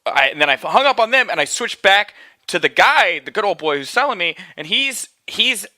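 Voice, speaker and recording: A man's voice: high-pitched, moderate pace, no room sound. A young man hosting his own show alone from his apartment, ranting profanely about a phone call and acting out the people on the line. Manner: profane, animated, acts out phone calls in quoted voices. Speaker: podcast host. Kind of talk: casual ranting monologue.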